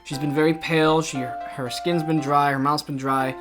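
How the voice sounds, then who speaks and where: Higher-voiced chatty male game reviewer. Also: flat delivery, moderate pace, music in the background. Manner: chatty and opinionated, with frequent little laughs. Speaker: co-host of a game review show. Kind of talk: casual review chat.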